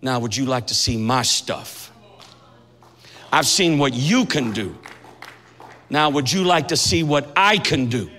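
A man's voice: mid-range voice, lively intonation, measured pace, pauses often, bright, forceful tone. A man in his sixties voicing God, who speaks to him in a firm, challenging tone.

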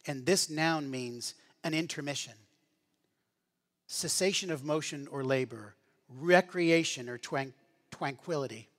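A man's voice: on the high side, a little slow. A man preaching a sermon in an earnest, conversational teaching manner, often restarting his phrases. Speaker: pastor.

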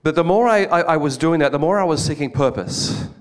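A man preaching a personal testimony to a church crowd, his voice a touch high and notably smooth and resonant. He talks in an earnest storytelling way, often stopping to restart and repeating words. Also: animated, brisk. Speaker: guest speaker giving testimony. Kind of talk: testimony sermon to a congregation.

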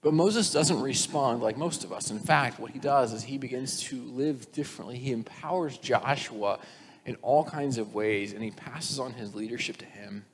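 A male pastor giving a sermon, casual and lively, often slipping into animated retellings. His mid-pitched voice carries a long reverb tail from a large hall. Faint background noise sits under the recording. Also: moderate pace. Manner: conversational, animated storytelling with acted quotes.

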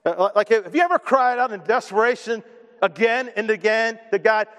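A man's voice: high-pitched, a little fast, fairly bright tone, long reverb tail. A man preaching a sermon as pastor, emphatic and building with repeated phrases.

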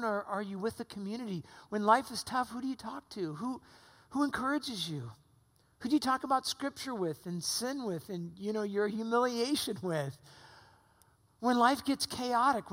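A middle-aged pastor, still recovering from pneumonia, preaches conversationally in a church sanctuary and poses rhetorical questions. His voice is high-pitched and a bit bright, and a long hall reverb trails his words.

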